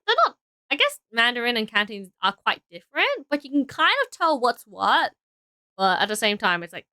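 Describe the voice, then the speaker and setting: A woman's voice: high-pitched, pushed and bright, smooth, no room sound. A young woman streaming, chatting casually with viewers while building, rambling and correcting herself as she goes. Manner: rambling, unsure and self-correcting. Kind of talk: casual live-stream chat.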